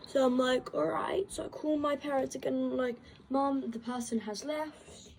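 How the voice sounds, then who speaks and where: This woman's voice sits high and creaky at a moderate pace, with a little hiss or hum in the background. Telling a story vlogger-style, she rambles, leans heavily on "like," and animatedly performs the quoted dialogue.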